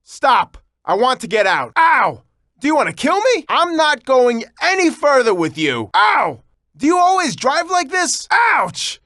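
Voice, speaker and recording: An actress playing an anxious, fussy taxi passenger in a video game, talking in a worried, complaining way. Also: female voice, high voice, very animated, a little slow, fairly bright tone, no echo, studio quality, full character voice.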